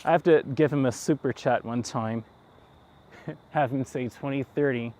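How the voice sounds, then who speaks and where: A man with a slight New York accent chats in a loose, rambling way, with chuckling asides, on a casual walk-and-talk livestream. He speaks at a middling pitch into a handheld phone as he walks outdoors through town streets at night. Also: normal speed, darkish tone. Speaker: livestream host.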